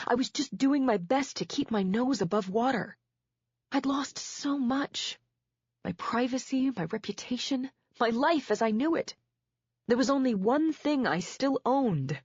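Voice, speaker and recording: A woman narrating a first-person psychological thriller audiobook in a measured, steady way. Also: fairly high pitch, slightly rough, no echo. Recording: dull, dry lo-fi recording.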